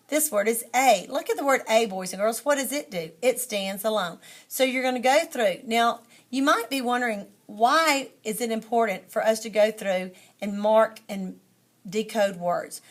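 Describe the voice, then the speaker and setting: A woman teacher trainer demonstrating a classroom lesson, modeling call-and-response reading drills and explaining the method to other teachers. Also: medium pitch.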